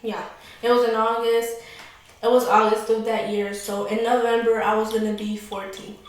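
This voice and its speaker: A woman's voice: fairly high pitch, flat delivery, moderate pace, slight background noise. A young woman in her late teens candidly telling a personal story in casual chat, talking with lots of likes and restarts. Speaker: vlogger. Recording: very echoey room, mic far off.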